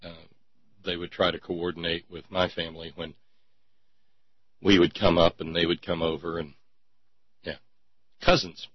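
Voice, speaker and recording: A man's voice: sits low, little pitch movement, moderate pace, pauses often, breathy edge, no echo. A man hosting a talk show, giving casual, wry and digressive commentary with a sarcastic edge. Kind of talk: casual radio-style commentary. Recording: dull lo-fi recording.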